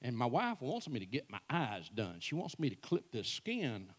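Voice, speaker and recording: A man's voice: medium pitch, wildly swooping pitch, moderate pace. A man, telling folksy, self-mocking comic stories at a church event. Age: 60s. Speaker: church speaker. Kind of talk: comic storytelling to a live audience.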